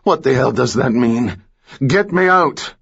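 A man reading an audiobook who voices a desperate, trapped male villain in a frantic, shouting voice. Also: fairly high pitch, moderate pace, lo-fi sound, voice pushed up.

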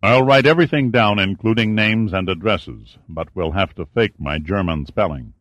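A man's voice: low voice, moderate pace, fairly bright tone, no room sound. A man reading a laconic, dry-witted adventurer.

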